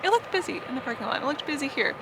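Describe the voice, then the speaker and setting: A woman's voice: high-pitched, racing, background noise. Chatty Canadian woman vlogging. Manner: chatty, giggly, relaxed. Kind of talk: casual vlog chat. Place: in a car and outdoors at an orchard.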